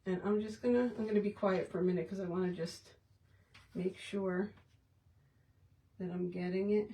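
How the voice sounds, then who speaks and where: A woman's voice: mid-range voice, fairly even intonation, normal speed, warm tone, far from the mic. A woman hosting a casual crafting tutorial, talking to herself and her viewers as she works with her hands. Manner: chatty, self-talking while working with her hands. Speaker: craft video host.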